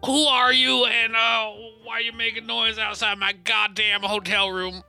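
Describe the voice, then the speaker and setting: A man voicing a brash, cocky male dog adventurer who is loud and mocking. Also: extremely high pitch, flat delivery, measured pace, vocal fry, clear, resonant tone, soft background music, pitched above the performer's own voice, exaggerated voice.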